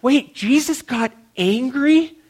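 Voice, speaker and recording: A man voicing a naive, puzzled male churchgoer in a sermon skit, incredulous and pitched up high. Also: fairly even intonation, quick pace, close to an everyday voice. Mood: surprised.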